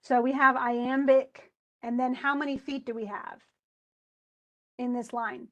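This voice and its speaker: A woman's voice: fairly high pitch, steady tone, measured pace, pauses often, fairly bright tone, dull audio. A woman teacher giving a casual, chatty lecture, often restarting and correcting herself as she explains. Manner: chatty, self-correcting, enthusiastic.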